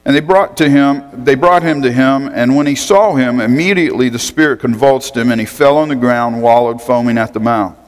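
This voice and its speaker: A man's voice: medium pitch, fairly quick, few pauses, big-room sound. A man preaching a sermon as a pastor, reading scripture and talking conversationally, asking the congregation questions.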